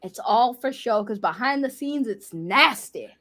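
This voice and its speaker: Brief: woman doing a high, taunting sexy cat-woman, crude and purring. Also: expressive, a little slow, fairly bright tone. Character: sassy sexy cat-woman baring her claws.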